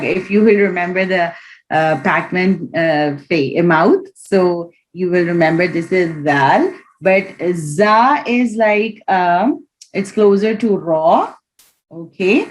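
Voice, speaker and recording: A woman's voice: lowish voice, rough recording. A woman teaching Quran reading in an online class, patiently demonstrating each letter sound aloud over a video call.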